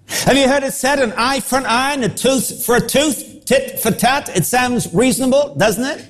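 A man's voice: very high voice, expressive, normal speed. A man preaching a sermon, acting out the voices of the listeners he quotes.

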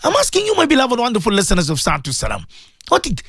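A man delivers an impassioned religious radio talk in a high voice that leaps up and down. He preaches fervently, repeats his points and calls out to his listeners again and again. The sound is dry, with no room echo. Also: wildly swooping pitch, racing, a bit bright, slightly rough. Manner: fervent, repetitive, preachy, addresses listeners directly. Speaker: Islamic radio presenter and maulana.

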